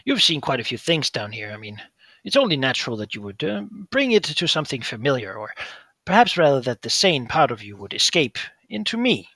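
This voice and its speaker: A composed, learned older brother, voiced by a man, who probes gently and sincerely. He speaks with a husky, bright tone and plenty of movement in his pitch, close and dry. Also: sing-song, no echo, full character voice. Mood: earnest. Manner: measured, earnest questioning. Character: calm, curious older brother, arcane scholar.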